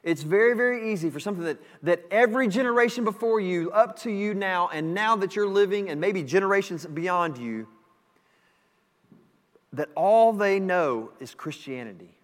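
A man's voice: high voice, expressive, moderate pace. Man, pastor, emphatic sermon, repeats phrases, long hall reverb.

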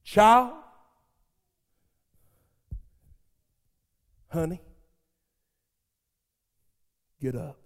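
A man voicing a calm, steady adult male healer in a sermon, speaking in an earnest, plainspoken way. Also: very high voice, a little slow, heavily acted. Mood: gentle. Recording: long reverb of a large hall.

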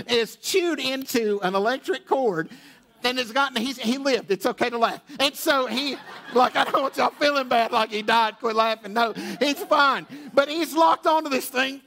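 A man's voice: extremely high pitch, normal speed, sharp tone. A pastor preaching to his congregation, telling a humorous personal story with lots of restarts and asides, in a church auditorium. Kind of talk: storytelling sermon. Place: church auditorium with sound booth.

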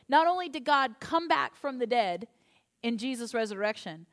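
A woman pastor giving a conversational, animated sermon. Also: sits high.

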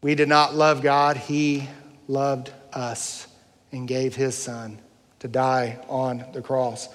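A man's voice: mid-range voice, flat delivery, slow pace, a bit bright, big-room sound. A male pastor preaching a sermon, earnest, building through rising rhetorical questions.

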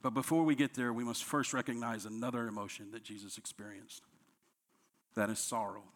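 A man, a pastor, preaching a sermon, dropping to soft, low lines and rising when he acts out quoted complaints. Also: fairly even intonation, fairly quick. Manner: preaching with strong swings between soft, low lines and raised, higher quoted outbursts.

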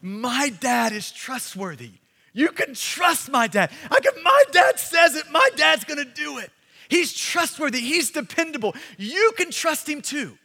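A man's voice: extremely high pitch, big pitch swings, unhurried, gravelly, pushed and bright, pitched above the performer's own voice, heavily acted. A pastor voicing a small boy who stands at the edge of a swimming pool and talks about the water and his dad. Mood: proud. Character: frightened little boy at a pool. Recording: long hall reverb.

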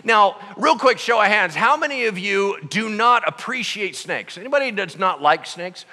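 A man preaching a sermon, telling a story in an animated, comic way with voices for the people in it. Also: sits high, moderate pace, long reverb tail. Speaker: pastor.

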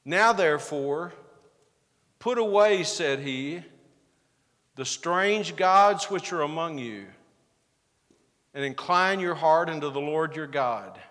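A man's voice: a little high, expressive, takes it slowly, pauses often, fairly bright tone, long reverb tail. A man preaching a sermon as pastor, building to emphatic bursts and acting out the back-and-forth quotes of the passage.

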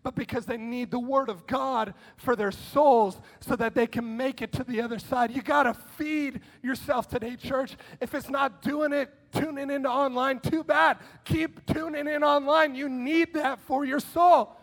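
Man, pastor, very high voice, lively sermon, bursts of shouting. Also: measured pace, gravelly, few pauses. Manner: energetic, conversational preaching with sudden shouts. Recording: long hall reverb.

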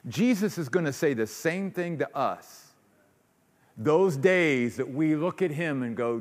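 A man's voice: lively intonation, unhurried. A man preaching a sermon as pastor, earnest, acting out quoted voices, then leading a closing prayer in a church. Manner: earnest, acts out quoted voices with rising pitch. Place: church sanctuary. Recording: long reverb of a large hall.

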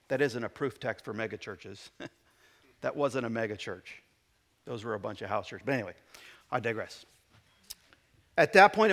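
A man preaching a sermon in church, reading scripture and explaining it, moving between loud emphatic declarations and quiet asides. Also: a little high. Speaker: pastor.

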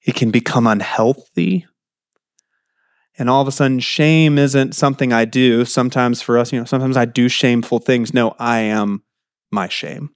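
A man's voice: mid-range voice, steady tone, normal speed, no echo, clean studio sound. A middle-aged man preaching a sermon in a conversational way, often asking his listeners questions. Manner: conversational, asks the audience questions.

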